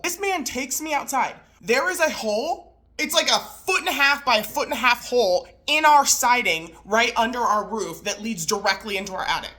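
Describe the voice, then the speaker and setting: Animated woman in her thirties telling a story. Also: fairly high pitch, moderate pace. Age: 30s. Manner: animated, incredulous retelling with quoted voices. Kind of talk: casual storytime.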